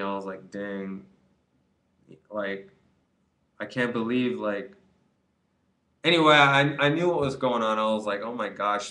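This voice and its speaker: A man's voice: fairly low pitch, sharp tone. A young man telling a rambling story in a casual vlog, full of restarts, with the quoted people acted out. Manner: rambling, repeats words, acts out quoted voices. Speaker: vlogger giving quit-weed advice.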